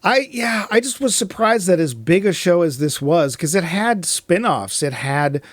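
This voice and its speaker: A man co-hosting a movie podcast, talking in a casual, rambling way with quick asides. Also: high-pitched, lively intonation, no echo. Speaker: podcast co-host.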